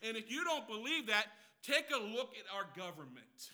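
Very high, sharp-voiced male preacher. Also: sing-song, moderate pace. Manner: swings between loud emphatic points and hushed, low asides; counts off numbered points and asks the congregation questions. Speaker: pastor. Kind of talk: sermon.

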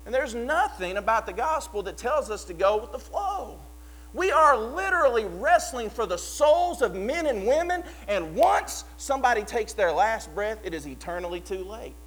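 A man delivers a sermon. He preaches with passion, rising to loud fervor and then dropping to a quiet, earnest tone. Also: very high-pitched, big pitch swings, normal speed, poor audio. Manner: impassioned, swings from loud to hushed. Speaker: pastor.

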